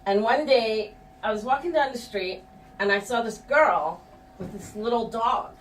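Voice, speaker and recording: A woman's voice: fairly high pitch, measured pace, slight background noise. A middle-aged woman telling a personal story live on stage, frank and profane and laughing at herself. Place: stage before a live audience. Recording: echoey room, distant mic, faint ambience.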